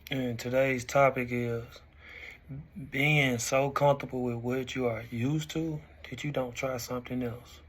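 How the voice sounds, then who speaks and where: A young man in his twenties, hosting a weekly talk segment and reflecting in a relaxed, conversational way. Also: mid-range voice, measured pace. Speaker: host. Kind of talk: casual talk-show commentary.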